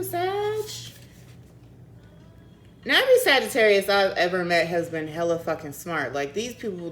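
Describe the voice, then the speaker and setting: A woman's voice: on the low side, fairly bright tone, reverberant, a little hiss or hum, low-quality recording. A woman from Denver with a slight Maryland accent, giving a casual tarot reading and chatting loosely with fillers and swearing. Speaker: tarot reader.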